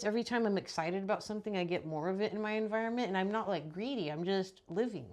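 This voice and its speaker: A woman's voice: on the high side, lively intonation, quick pace, few pauses, a little mellow. A woman hosting a podcast, giving a blunt, profane ranting monologue full of rhetorical questions. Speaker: podcast host.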